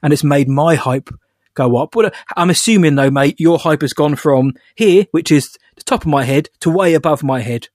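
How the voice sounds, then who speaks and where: A man's voice: fairly high pitch, moderate pace, a little mellow, dry recording, clean studio sound. A man co-hosting a podcast, talking with lots of enthusiasm in casual chat. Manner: enthusiastic, chatty. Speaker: podcast co-host.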